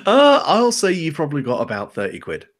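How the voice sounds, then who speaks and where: A man's voice: on the high side, wildly swooping pitch, fairly quick. A man narrating a tabletop game as game master, loose and rambling. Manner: loose, rambling, full of fillers and restarts.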